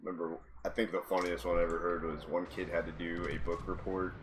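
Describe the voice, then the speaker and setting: Laughing often, a podcast guest who served as a Marine swaps easygoing stories. He talks fast in a deep voice with little pitch movement, and there's noise behind him.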